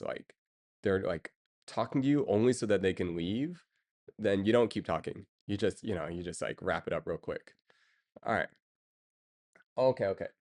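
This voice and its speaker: Lowish-voiced man chatting casually. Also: darkish tone. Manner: rambling, filler-heavy, chuckling. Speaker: streamer. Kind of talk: casual chat.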